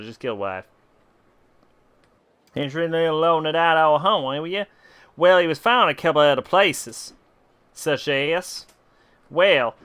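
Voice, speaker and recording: A man with a fairly high, pushed, bright voice that is clear and resonant plays a game on stream while tipsy. He performs the dialogue in a mock southern drawl and swears freely during his casual live commentary.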